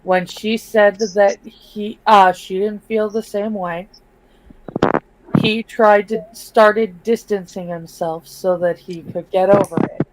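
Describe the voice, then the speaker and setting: A woman on a casual podcast chat, speaking bluntly and deliberately. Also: medium pitch, fairly even intonation, background noise.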